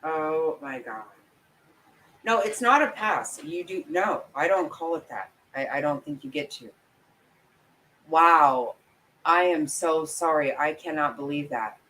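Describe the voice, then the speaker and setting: A woman true crime commentator gives livestream reaction commentary in a low, pushed, bright voice with lively intonation at a measured pace, over a rough recording. Blunt and full of swearing, she rants at her viewers, worked up and emphatic, and apologizes for the outbursts.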